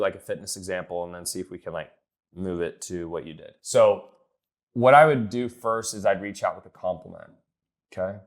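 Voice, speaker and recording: A blunt young man coaching someone on sales in a loose, casual way. His voice sits fairly low, and he swears without a second thought. When he acts out chats and texts, he lifts his voice into a brighter, higher tone. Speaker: business coach.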